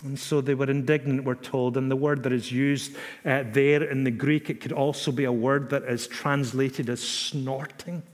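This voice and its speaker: A man preaching a sermon in a measured, emphatic way, repeating phrases for stress. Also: mid-range voice, level tone. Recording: long reverb of a hall.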